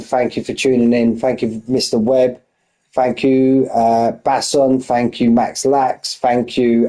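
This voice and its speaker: Breathless excitable race commentator man. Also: medium pitch, poor audio. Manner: excitable, breathless, rapid shout-outs. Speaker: sim racing league commentator. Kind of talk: live esports race commentary.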